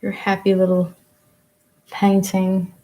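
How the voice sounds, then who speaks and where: Slow, gravelly-voiced woman hosting a paint stream. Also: medium pitch, monotone, mellow. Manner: chatty, rambling, self-talking while painting. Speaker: painting class host. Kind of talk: casual live-stream painting lesson. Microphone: laptop mic.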